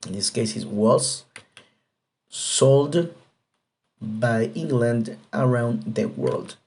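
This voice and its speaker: Patient, mellow-voiced male English teacher. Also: mid-range voice, drawn-out words. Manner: patient, repetitive explanation with frequent fillers. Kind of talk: grammar lesson explanation.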